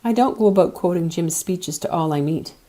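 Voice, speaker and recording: A woman reading a novel aloud as an audiobook, in a measured, gentle way. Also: on the low side. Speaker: audiobook reader.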